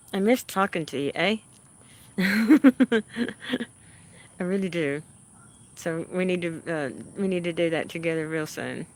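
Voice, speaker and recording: A woman hosting a livestream, chatting casually with her viewers and answering their comments in a homey way. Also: lowish voice. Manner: unhurried and homey, answering chat comments with frequent soft laughs. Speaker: livestream host.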